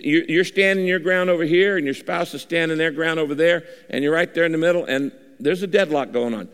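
A male pastor preaching a sermon, shifting his pitch and pausing dramatically for emphasis in a large church. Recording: long hall reverb.

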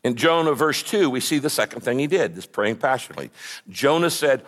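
A man's voice: mid-range voice, animated, a little fast, a bit bright. A man preaching a sermon with passion and emphatic repetition, in a large hall. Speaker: pastor. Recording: echoey hall.

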